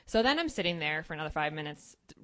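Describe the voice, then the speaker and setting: Young woman, earnest and animated, slightly low pitch, dry close sound. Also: fast talker, no echo. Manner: earnest, animated storytelling with fillers. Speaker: mother telling a personal story. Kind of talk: casual personal testimony.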